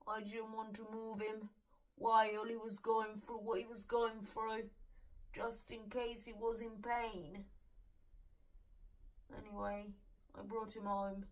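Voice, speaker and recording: A woman slowly telling an emotional personal story, her voice tearful as she holds back crying. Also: fairly high pitch, level tone, distant mic, poor audio. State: close to tears. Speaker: tarot reader.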